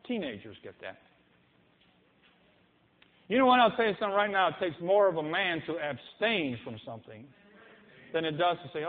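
Preacher, male, high voice, fervent sermon delivery, hall reverb, tinny sound. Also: very animated, normal speed. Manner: impassioned, mimics people in quoted voices.

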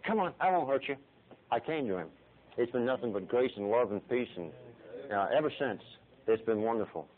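A middle-aged man preaching a sermon dramatically, swinging from soft, hushed passages to pleading cries and repeating his phrases. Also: mid-range voice. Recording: tinny phone-like lo-fi recording.

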